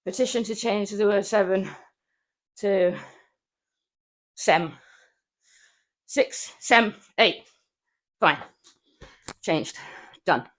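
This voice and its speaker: A woman livestreaming from her flat, chatting playfully with viewers and laughing often while she works out, a little out of breath. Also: mid-range voice, drawn-out words, pauses often. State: out of breath from exercise. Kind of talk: casual livestream chat while working out. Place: home flat.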